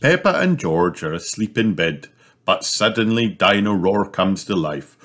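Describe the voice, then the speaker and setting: A man reads a children's picture book aloud in a deep voice. He takes his time and lets his pitch rise and fall with a sing-song expressiveness. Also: sing-song, unhurried, fairly bright tone. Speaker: storybook reader. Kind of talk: children's storybook read aloud.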